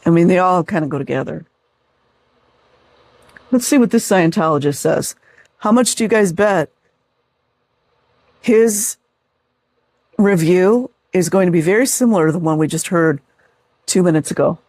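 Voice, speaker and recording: Male host, mocking and sarcastic, higher voice, dry close recording. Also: moderate pace, pauses often, darkish tone, no room sound. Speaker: video host reading book reviews. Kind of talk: casual commentary.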